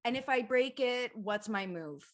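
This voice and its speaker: A Canadian woman guesting on a video call, chatting and joking in an animated, self-mocking way with frequent laughter. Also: on the high side, moderate pace, crowd noise. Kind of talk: casual comedic chat on a video call.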